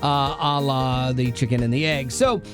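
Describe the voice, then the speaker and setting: A man's voice: medium pitch, fairly even intonation, moderate pace, music in the background. A man hosting a radio show, trading playful, teasing banter with his co-hosts and laughing often.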